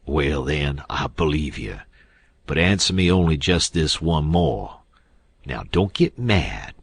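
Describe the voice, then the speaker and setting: A man's voice: very deep voice, expressive, slow pace, gravelly, breathy edge, full character voice. A man voicing an older male swindler who drawls and wheedles. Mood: sly.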